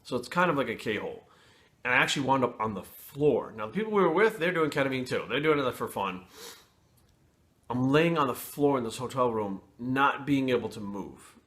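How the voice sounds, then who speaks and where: Blunt, bright-voiced man telling a story. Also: medium pitch, animated. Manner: blunt and profane, frequent swearing; candid, with pauses and restarts. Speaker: fitness trainer telling a personal story. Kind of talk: casual storytelling to camera.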